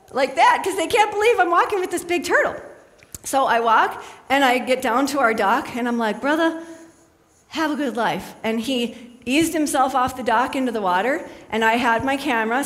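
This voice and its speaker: A woman's voice: sits high, fairly bright tone, in a large hall. A middle-aged woman speaking as a spiritual speaker to a live audience in a chatty, storytelling manner.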